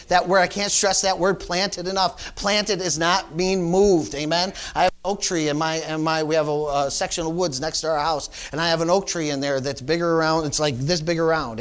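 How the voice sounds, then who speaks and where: A man's voice: sits high, a bit bright. A man, a pastor, preaching a sermon and calling out to his congregation with frequent amens and rising emphasis.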